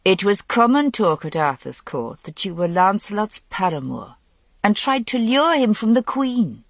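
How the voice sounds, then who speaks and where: A woman's voice: mid-range voice, big pitch swings, normal speed, no echo, voice pushed up. A woman voicing a cruel, lustful young man who sneers and snarls, dropping into harsh whispers, in an audiobook reading. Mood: sneering.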